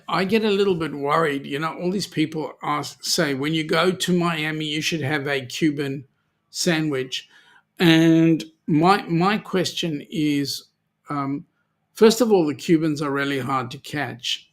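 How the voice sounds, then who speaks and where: A man's voice: fairly high pitch, fairly bright tone. An Australian man hosting a live chat show, reading out viewer comments and joking around with many ums. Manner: chatty, jokey, many ums. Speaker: host.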